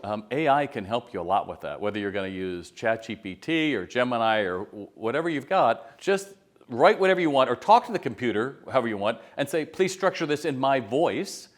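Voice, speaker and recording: With a mid-range voice, big swings in pitch and a fairly quick pace, a middle-aged man talks retail business straight to camera. As a consultant, he keeps it casual and conversational, telling stories and acting out the quotes in them.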